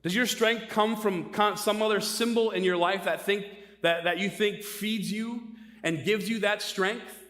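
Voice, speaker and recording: A middle-aged male preacher with a high, bright voice, delivering a lively sermon full of stories and rhetorical questions. His voice carries through a church with a long, rolling reverb. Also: a little slow. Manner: animated storyteller, rhetorical questions.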